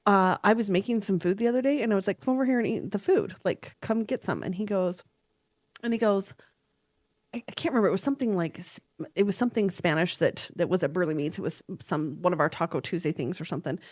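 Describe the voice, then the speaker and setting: A woman co-hosting a podcast in casual chat, talking fast and laughing often. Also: on the low side. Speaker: podcast co-host.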